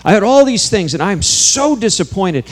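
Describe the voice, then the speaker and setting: A man's voice: sits high, sing-song, moderate pace. A man preaching a sermon, telling a personal story in an earnest way that builds to intense, emphatic peaks.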